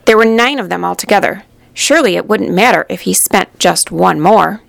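A woman's voice: lowish voice, normal speed, creaky, no room sound. Woman reading a storybook aloud. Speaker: narrator.

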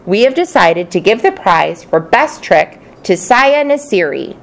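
A woman's voice: mid-range voice, big pitch swings. A woman reading a firm, kind schoolteacher. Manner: firm, measured. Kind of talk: audiobook character reading.

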